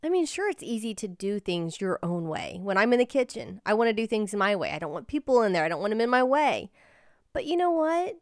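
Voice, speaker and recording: Lively, encouraging woman podcast host. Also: medium pitch, a little fast, no echo, clean studio sound. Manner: encouraging, earnest. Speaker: podcast host and life coach. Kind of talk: personal storytelling podcast.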